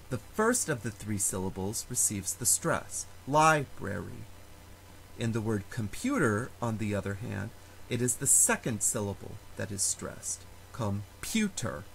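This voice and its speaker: A man at an ordinary pitch gives a recorded Latin lecture, his voice rising and falling in a lively way as he works through the rules. He explains slowly and with care, sounding out each example word, over a faint hiss of background noise. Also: gravelly, rough recording. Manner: slow, careful explanation with spoken examples. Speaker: Latin teacher.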